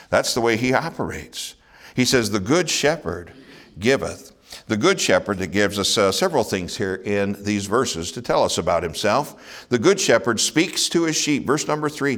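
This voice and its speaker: A man's voice: mid-range voice, a bit bright. A man preaching a sermon, earnest, asking his listeners rhetorical questions and chuckling now and then. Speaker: pastor.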